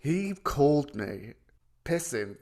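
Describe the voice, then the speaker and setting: A man talks film on a podcast in a loose, excitable way, with a voice that sits in the middle of the male range. He rambles through his stories with lots of "like" and a casual swear here and there. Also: medium pitch, slow, crowd noise. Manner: animated, swearing, enthusiastic storytelling. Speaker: podcast co-host. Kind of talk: casual chat.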